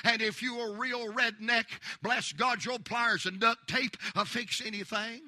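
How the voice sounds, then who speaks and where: A preacher with a very high, sharp and bright voice delivers an impassioned sermon. He swings between folksy storytelling and rising, shouted declarations. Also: fairly even intonation, a little slow. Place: church.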